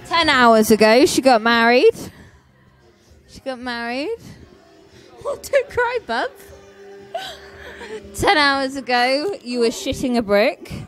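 A woman with a slightly high voice speaks slowly as a maid of honour, teasing and gushing into a camera. Faint music plays at the reception behind her. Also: very animated, a bit bright. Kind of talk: casual chat to a wedding video booth.

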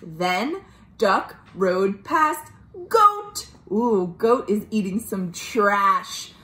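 A woman, a children's librarian, reading a picture book aloud at home in an animated storytime voice, asking the children questions along the way. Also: medium pitch, very slow, echoey room. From United States.

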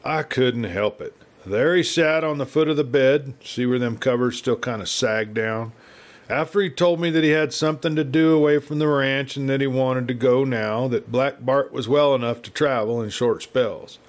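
A feeble old cattleman speaks in a rustic western drawl, weary and pleading from his sickbed, as a storyteller reads him. His plain, ungrammatical talk comes out soft and frail. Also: medium pitch, moderate pace, natural voice.

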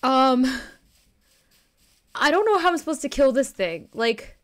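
A woman's voice: high voice, big pitch swings, a little slow, a bit bright. A young woman streaming a game, talking in a rambling, flustered way and swearing freely as she plays. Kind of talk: live-streamed game commentary.

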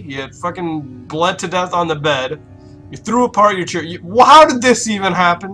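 A young man narrates his horror game playthrough in a bright, forceful, slightly high voice. He swears freely and jumps into loud outbursts when startled. Faint game music plays under his talk. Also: sing-song, moderate pace. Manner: loud, profane, jumpy reactions. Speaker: gaming YouTuber. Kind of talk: horror let's play commentary.

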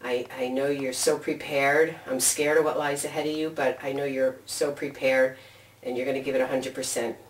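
A woman, the soldier's mother, giving a tender, proud, slightly halting recorded message in a church. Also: very deep voice, steady tone. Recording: echoey room, mic far off.

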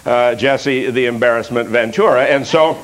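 A man doing live political satire on stage. He speaks wryly, halting and restarting his sentences, with piano music behind him. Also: medium pitch, a little hiss or hum, rough recording. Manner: wry, halting delivery with restarts. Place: stage before a live audience.

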